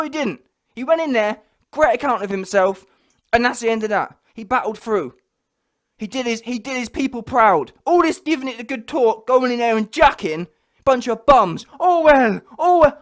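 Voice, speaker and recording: A man giving a heated, blunt reaction rant about a boxing fight, repeating his points. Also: very high voice. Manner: heated, blunt, repetitive, mocks others in quoted voices. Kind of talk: ranting reaction commentary.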